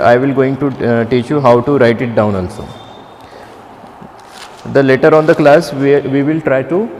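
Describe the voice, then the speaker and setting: Slow-speaking male teacher in an echoey room. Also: mid-range voice, a little mellow, slight background noise. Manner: slow, halting, repeats and restarts, fillers. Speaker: Chinese language teacher. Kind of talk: classroom lecture.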